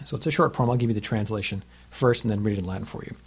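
Husky-voiced man explaining Latin verse. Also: fairly low pitch, very fast. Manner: patient, explanatory, taps out rhythms aloud. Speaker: Latin teacher. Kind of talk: recorded lesson on Latin poetry.

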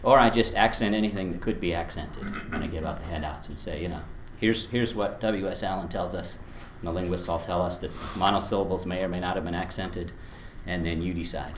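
A man with a fairly low voice leads a teaching workshop, talking in a relaxed, chatty way and chuckling often. He explains with spoken examples. The echoey room adds a faint hum behind him. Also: a little fast, few pauses. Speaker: Latin teacher. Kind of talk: workshop presentation.

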